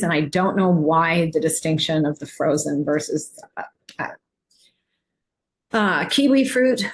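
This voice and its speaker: A woman nutrition coach, talking casually over slides, rambling with many fillers and restarts. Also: fairly low pitch.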